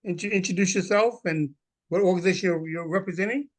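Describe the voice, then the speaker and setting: A man hosting an online meeting and calling on people, halting with fillers and restarts. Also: high-pitched. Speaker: meeting host. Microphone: video call.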